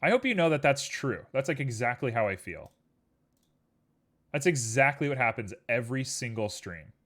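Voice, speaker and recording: A man is streaming live and chatting casually with viewers while he works, joking around playfully and drifting into rambling asides to chat. His voice sits at a medium pitch with a fairly bright tone, and he sounds very animated while speaking at a normal speed.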